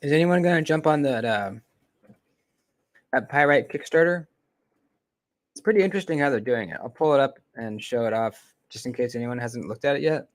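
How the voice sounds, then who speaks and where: A man's voice: medium pitch, normal speed, long pauses. Rambling casual man on a livestream. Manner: relaxed, rambling, lots of ums and trailing off. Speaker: knife channel host. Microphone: close desk mic.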